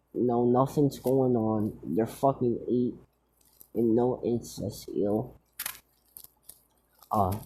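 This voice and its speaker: A man's voice: medium pitch, dark tone, a little hiss or hum. A man casually retelling a fan-made story, rambling with many fillers and restarts.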